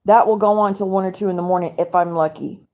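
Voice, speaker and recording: A woman's voice: mid-range voice, fairly even intonation, fast, dark tone. A woman, hosting a casual live stream at home at night. She vents in an angry, profane, rambling way to her viewers.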